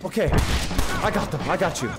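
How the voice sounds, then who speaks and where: A man live-streaming a video game, reacting loudly and chatting with his viewers in slangy, excitable bursts. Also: a little high, brisk, very noisy. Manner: excitable, loud outbursts, slangy, talks to chat. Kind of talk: casual live-stream commentary.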